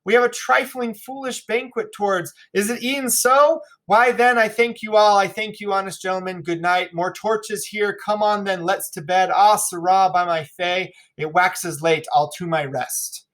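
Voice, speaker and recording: A male teacher voicing a fussy old male host ending a party, in a high, raised voice. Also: fairly even intonation, moderate pace, hardly any pauses, a bit bright. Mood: jovial.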